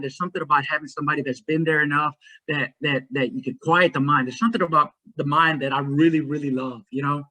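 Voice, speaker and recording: A man in his forties, an ultrarunner guest, telling his story in a rambling, energetic way. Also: a little high, rough recording. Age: 40s. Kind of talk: casual interview conversation.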